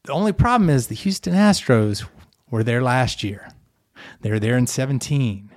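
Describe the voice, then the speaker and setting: A man's voice: medium pitch, animated, normal speed, dry recording, clean studio sound. A middle-aged man co-hosting a podcast in a casual sports chat, opinionated and rambling, with restarts and hedges. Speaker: podcast co-host.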